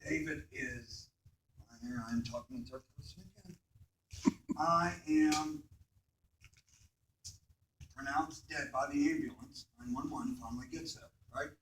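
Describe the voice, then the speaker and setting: A man's voice: mid-range voice, unhurried, long pauses, fairly bright tone, slight background noise. A man giving an earnest personal talk to students, checking in with listeners often with questions like "right?". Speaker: speaker telling his accident story to students. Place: school hall or classroom. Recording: echoey room, mic from a distance.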